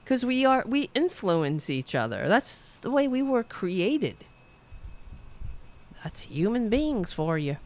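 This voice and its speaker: A woman's voice: medium pitch, sing-song, slow pace, a little mellow. Profane New woman ranting. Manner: profane, sarcastic, heated ranting; reads viewer chat aloud. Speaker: political commentary host. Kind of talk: ranting livestream commentary.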